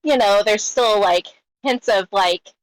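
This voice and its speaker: A woman's voice: medium pitch, a little slow, dry recording, rough recording. A woman playing a tabletop game, describing her character in a rambling way with many fillers. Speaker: player.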